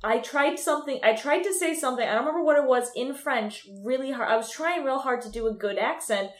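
A young Midwestern woman co-hosts a podcast, cracking jokes and stumbling over words. Her voice sits a little high. The room around her has a noticeable echo. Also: quick pace. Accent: Midwestern American. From Michigan, USA. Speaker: podcast co-host. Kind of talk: casual podcast chat. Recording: roomy echo.

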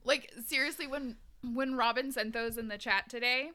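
A woman co-hosting a podcast in casual chat, expressive and swearing freely. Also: on the high side, moderate pace. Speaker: podcast co-host.

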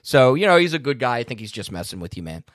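A man's voice: mid-range voice, sing-song, fast, no echo, studio quality. Laid-back man hosting a podcast. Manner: easygoing, laid-back, laughs often. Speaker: podcast host. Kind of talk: casual podcast chat.

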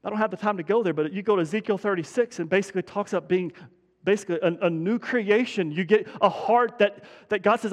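High-voiced guy preaching, chatty but keeps hammering points, long hall echo. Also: fast talker. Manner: conversational preaching with emphatic repetition. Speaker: pastor. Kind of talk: sermon.

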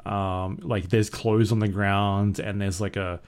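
A male podcast co-host with a fairly low voice, chatting casually. He halts and fumbles for words as he explains things. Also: steady tone, darkish tone. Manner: hesitant, halting explanations. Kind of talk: casual chat.

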